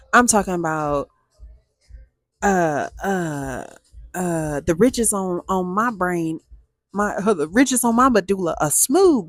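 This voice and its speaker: Animated woman telling a storytime. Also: medium pitch, dry recording, studio quality. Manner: animated, oversharing, playful sound effects. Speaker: storyteller host. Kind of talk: casual storytime vlog.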